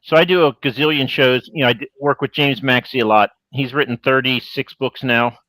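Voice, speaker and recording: A man's voice: medium pitch, fairly even intonation, brisk, bright, forceful tone, no echo, poor audio. A man, an indie author, chatting on a livestream panel, telling stories and handing out advice over a video-call mic. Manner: chatty storyteller, gives advice. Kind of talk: casual livestream panel chat.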